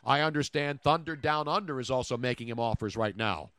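A man hosting sports talk radio, riffing in sarcastic, rapid jokes into a studio mic. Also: mid-range voice, a bit bright, dry recording. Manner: sarcastic, rapid joking riffs.

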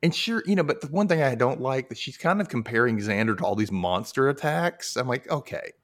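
A man's voice: mid-range voice, lively intonation, a little fast, fairly bright tone. A man hosting a podcast, casually recapping a TV episode and acting out quotes in playful voices. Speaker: podcast host.

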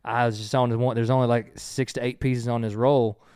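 A man's voice: medium pitch, level tone, a little fast, darkish tone, clear, resonant tone, no echo, clean studio sound. A man chatting casually as a podcast co-host, telling rambling stories with stammered restarts. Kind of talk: casual chat. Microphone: headphones with a mic on a remote call.

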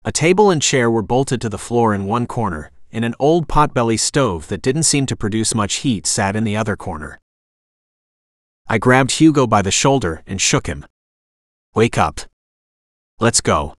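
A man's voice: medium pitch, expressive, normal speed, no echo. Dry, close male audiobook narrator. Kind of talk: scripted first-person narration.

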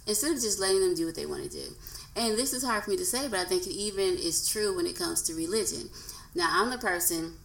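A woman's voice: fairly low pitch, gravelly, fairly bright tone. A woman in her thirties hosting her own podcast, talking earnestly and casually, now and then acting out quoted voices. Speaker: podcast host. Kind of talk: casual solo podcast talk. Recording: echoey room.

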